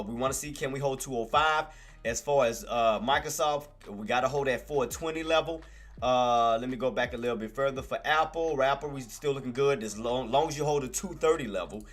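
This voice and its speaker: A man's voice: mid-range voice, brisk, fairly bright tone, faint music behind. A man hosting a live trading stream, hurriedly calling out price levels and repeating himself to chat. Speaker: stock trading livestream host. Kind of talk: live market commentary.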